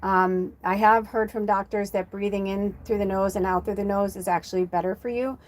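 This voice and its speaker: Woman, spiritual medium, chatty live-stream reader with a gentle coaching tone. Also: mid-range voice, brisk. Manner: chatty, animated, sprinkles in "like" and "you know"; soothing, encouraging affirmations.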